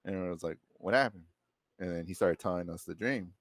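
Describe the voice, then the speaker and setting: Deep-voiced man telling a story casually. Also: a little fast, no room sound, clean studio sound. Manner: loose and rambling, heavy slang and swearing. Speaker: podcast guest, former Marine.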